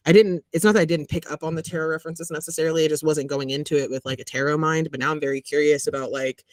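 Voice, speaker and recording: A podcast co-host in casual chat, talking loosely with lots of fillers and frequent laughs. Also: male voice, on the high side, steady tone, very fast, dry recording.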